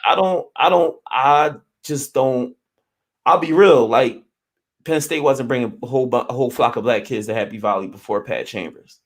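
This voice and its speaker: A man hosting a podcast, arguing his side with hesitant restarts and loud bursts when he cuts in. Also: mid-range voice, moderate pace. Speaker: podcast host. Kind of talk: heated casual debate.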